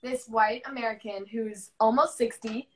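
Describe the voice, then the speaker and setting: A woman's voice: fairly high pitch, fairly even intonation, normal speed, fairly bright tone. A young woman co-hosting a casual live-stream chat, emphatic and enthusiastic, with a sore, worn throat. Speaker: co-host.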